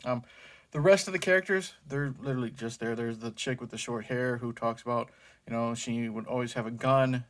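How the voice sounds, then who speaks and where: A man's voice: medium pitch, fairly quick, fairly bright tone. A man hosting his own movie review channel, talking casually and rambling, with many fillers and self-corrections.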